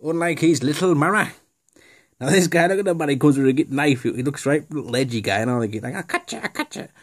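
A man's voice: on the high side, fast. A man chatting casually through a toy unboxing, jokey and rambling, with lots of fillers and asides. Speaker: toy reviewer.

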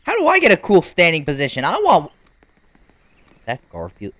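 Excitable gamer with a lively voice. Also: medium pitch, normal speed, no room sound. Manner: excitable, reacts loudly to game events; casual slang-filled chatter. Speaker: gaming YouTuber. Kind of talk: unedited live gameplay commentary.

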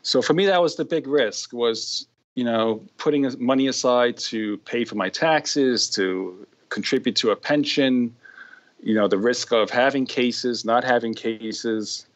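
A man's voice: mid-range voice, measured pace. Rambling New York man, muffled audio. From New York, USA. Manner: rambling, many fillers and restarts. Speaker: guest occupational therapist. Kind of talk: casual interview chat. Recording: dull lo-fi sound.

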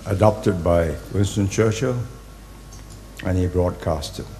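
A man, giving a public speech in deliberate, halting phrases and hitting key words hard. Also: deep voice, warm tone, slight background noise. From Singapore. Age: 80s. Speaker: invited speaker.

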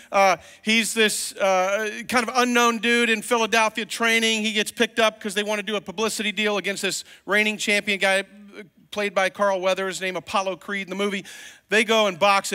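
Man, pastor, casual joking sermon, bright voice, long church-hall reverb. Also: high-pitched. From Virginia, US. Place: church sanctuary.

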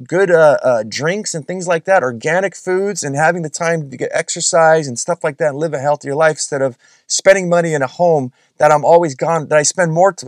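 A man's voice: on the high side, dry recording, studio quality. A man hosting a solo podcast, talking casually and frankly, rambling with restarts and the odd swear word. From California. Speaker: podcast host.

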